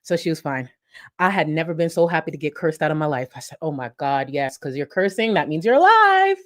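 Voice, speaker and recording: A young woman hosting a commentary channel talks quickly in a low pitch, telling an animated, profanity-laced story in casual chat that moves between loud and hushed.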